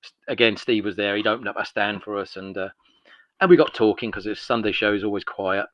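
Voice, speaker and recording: A man's voice: fairly low pitch, fast talker, dry recording, dull audio. A man in his sixties from London with a North London accent, a podcast guest telling long, rambling anecdotes in a chatty way. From London, England. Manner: chatty, acts out dialogue in anecdotes. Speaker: podcast guest, miniatures business owner.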